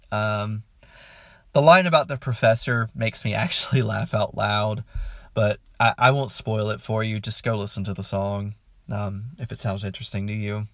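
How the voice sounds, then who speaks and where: A man talks through an album review in a casual, excited ramble, filling pauses with "um" and chuckling as he goes. His voice sits a little low. The sound is dry, with no room echo. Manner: enthusiastic, rambling, lots of "um"; chuckles mid-sentence. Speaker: music reviewer.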